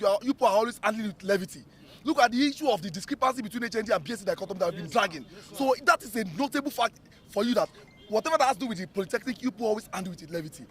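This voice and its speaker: A man's voice: high voice, expressive, racing, a bit bright. A man with a Nigerian accent leading a student protest, pressing an official with repeated, emphatic demands outdoors. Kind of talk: heated protest confrontation. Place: outdoors at a ministry among a crowd.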